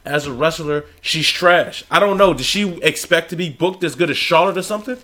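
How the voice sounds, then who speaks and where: A man's voice: a little high, brisk, pushed and bright. A man co-hosting a casual podcast, giving opinionated takes and often rising into exasperated rants. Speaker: podcast co-host. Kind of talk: casual wrestling talk.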